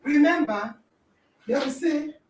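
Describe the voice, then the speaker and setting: A Nigerian woman hosting a podcast, giving a dramatic, animated talk in which she acts out scenes and exclaims. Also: sits high, takes it slowly. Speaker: podcast host. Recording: echoey room, distant mic.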